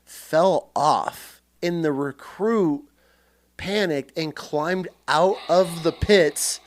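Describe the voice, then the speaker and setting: A man hosting a casual podcast, telling lively stories and swearing freely as he acts out shouted quotes. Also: a little high, drawn-out words. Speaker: podcast host. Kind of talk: casual storytelling chat.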